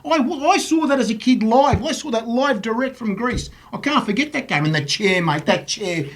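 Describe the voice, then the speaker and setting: Man, host, high voice, excitable, laughs often. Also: moderate pace. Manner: excitable, laughs often, says "mate" constantly. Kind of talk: casual chat on a live stream.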